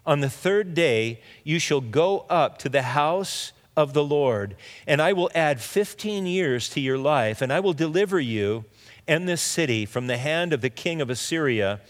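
A man preaching a sermon in a church sanctuary, his voice a touch higher than most men's. He teaches in a loose, conversational way, often restarting his sentences. A long reverb trails each phrase as it rings through the hall. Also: lively intonation, unhurried. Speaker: pastor.

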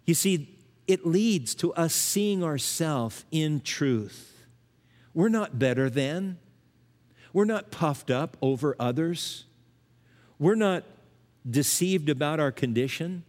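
An older man preaching with earnest conviction, his slightly high voice rising for emphasis and then sinking low and quiet. A long church-hall reverb trails behind every phrase. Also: expressive, takes it slowly, long pauses. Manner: earnest, swings between emphatic rises and hushed low lines. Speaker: pastor. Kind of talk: sermon.

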